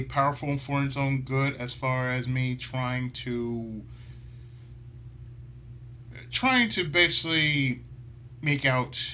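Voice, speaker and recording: A man's voice: medium pitch, pushed and bright, slight background noise. A man hosting a gaming channel, chatting casually and rambling, laughing a lot as he goes. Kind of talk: casual chat.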